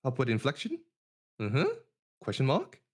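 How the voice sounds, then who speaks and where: A man's voice: lowish voice, steady tone, unhurried, vocal fry, darkish tone, pitched above the performer's own voice. A man imitating his timid younger schoolboy self, stammering with a rising, question-like inflection on every phrase. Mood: unsure. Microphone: online voice call.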